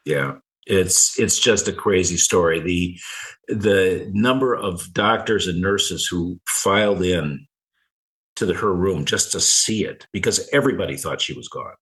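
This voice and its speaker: A middle-aged man recounting a personal story in conversation, halting and repeating words, with small chuckles. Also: deep voice, a bit bright, poor audio. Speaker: guest.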